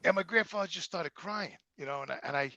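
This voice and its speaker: Gravelly New York man telling stories. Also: fairly high pitch, fast, no echo, highs cut off. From Brooklyn, New York. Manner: profane, animated storyteller. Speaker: guest. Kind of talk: casual storytelling.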